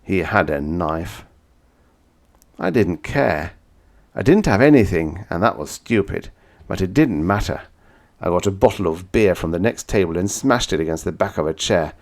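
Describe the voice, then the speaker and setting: Low-voiced man reading a dramatic story. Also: animated, moderate pace. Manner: dramatic, swings from hushed to shouting. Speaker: audiobook reader. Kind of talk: first-person vintage sci-fi narration.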